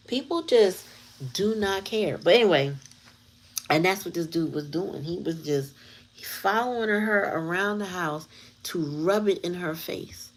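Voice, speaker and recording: A woman with a low-pitched voice hosts her tarot channel in loose, casual chat. She talks bluntly and candidly, mixing in plenty of slang as she tells a story. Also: lively intonation, unhurried, rough recording. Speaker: tarot reader and channel host.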